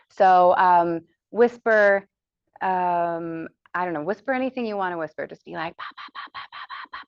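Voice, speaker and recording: A woman's voice: mid-range voice, no echo, highs cut off. A woman with an American accent teaching a yoga teacher training, chatty and encouraging, demonstrating breaths and cues aloud.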